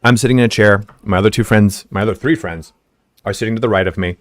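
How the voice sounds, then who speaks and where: A man's voice: fairly low pitch, quick pace, dry recording, clean studio sound. A man streaming a game live, telling a rambling story full of fillers, swearing and laughs. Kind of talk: casual storytelling while gaming live.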